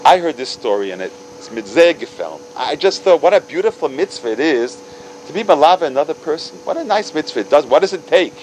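A man in his fifties telling stories to a religious audience, animated, acting out dialogue with big jumps in pitch and sprinkling in Hebrew and Yiddish words. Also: quick pace, slight background noise, rough recording. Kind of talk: storytelling talk.

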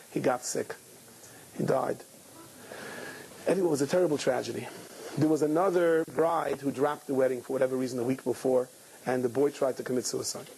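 A man's voice: medium pitch, vocal fry, breathy edge, rough recording. A middle-aged man, a rabbi, telling a story in a sermon and acting out the people in it. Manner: lively storyteller who acts out the people in his stories.

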